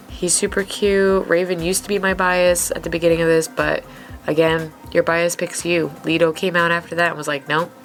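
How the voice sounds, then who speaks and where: A young woman hosting a reaction video, chatting casually and gushing excitedly, with the odd swear. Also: on the low side.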